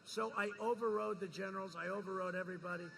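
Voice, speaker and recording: Forceful boastful man at a rally. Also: sits high, fairly even intonation, fast talker, gravelly, slight background noise. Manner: boastful, repetitive, crowd-rousing. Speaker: politician speaking at a campaign rally. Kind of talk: campaign rally speech.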